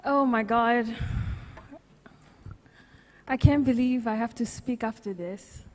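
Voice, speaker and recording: High-voiced woman close to crying, slow speech, echoey hall. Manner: tearful, apologetic, laughing through tears. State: on the verge of crying. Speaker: conference speaker. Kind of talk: emotional speech. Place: large conference hall. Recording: echoey hall, long reverb.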